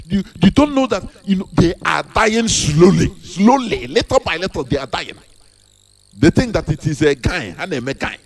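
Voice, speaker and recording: A man's voice: sits high, sing-song, moderate pace, crowd noise. A man with a Nigerian accent giving an impassioned monologue, repeating rhetorical questions with emphatic, preachy delivery. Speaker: activist speaker.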